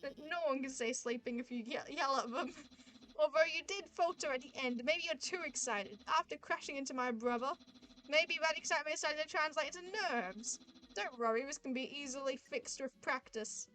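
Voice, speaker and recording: A woman's voice: high-pitched, fairly quick, a bit bright. A woman voicing a boastful, cheerful male skeleton who speaks in grand, formal declarations while reading a visual novel aloud. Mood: earnest. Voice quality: formal, theatrical phrasing. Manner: proud, eager declarations.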